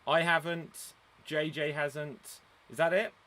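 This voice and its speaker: A man hosting a live-streamed improv show over a video call, brisk and chatty, laughing often as he runs the votes. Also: on the high side, fairly even intonation, pushed and bright.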